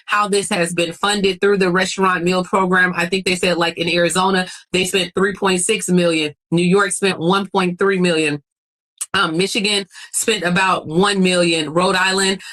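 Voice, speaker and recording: Bright, weary woman summarizing news. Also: on the low side. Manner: tired, matter-of-fact retelling.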